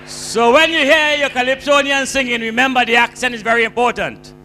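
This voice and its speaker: A man with a Grenadian accent telling comic stories in a stand-up monologue, with a lilting, animated delivery and drawn-out punchlines. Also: very high voice, loud music behind the voice. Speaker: comedian storyteller.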